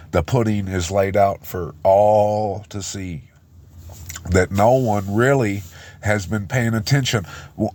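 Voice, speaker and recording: A man delivers an unscripted sermon in an unhurried, deliberate way. His voice sits low and sounds choked with emotion, and he stumbles, repeats himself and restarts his sentences as he goes. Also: darkish tone. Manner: halting, repeats and restarts words. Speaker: preacher. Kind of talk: informal sermon.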